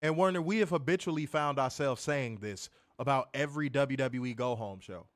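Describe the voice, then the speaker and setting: Man, mid-pitched, sarcastic exasperated podcast co-host, dry close sound. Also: a little fast, no echo. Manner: exasperated, profane, sarcastic, addresses listeners as y'all. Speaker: podcast co-host reviewing wrestling. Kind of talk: casual ranting review.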